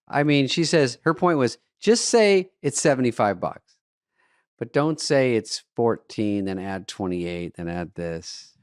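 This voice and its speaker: An animated middle-aged man tells comic stories on a podcast, his pitch leaping all over as he acts out both ends of a phone call. He swears and laughs along the way. The sound is close and dry, with no room around it. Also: measured pace, clean tone, no room sound. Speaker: co-host. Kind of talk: casual comedic storytelling.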